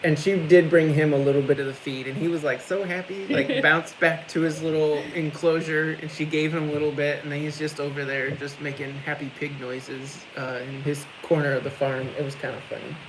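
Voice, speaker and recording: A man's voice: a little high, little pitch movement, a little fast, hardly any pauses, noisy background. Chatty Midwestern man, rambling. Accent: Midwestern American. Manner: rambling, lots of likes and restarts. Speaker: co-host of a farm livestream. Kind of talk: casual chat.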